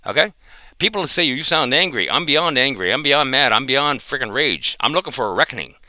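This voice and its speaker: A man's voice: mid-range voice, animated, fairly quick, bright, forceful tone, dry recording, clean studio sound. A man giving an angry, profane reaction commentary, confronting another dog trainer.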